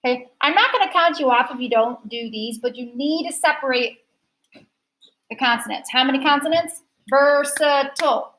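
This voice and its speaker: A woman teaching a phonics lesson to a class, sounding out word parts slowly and carefully. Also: high-pitched, fairly bright tone, rough recording.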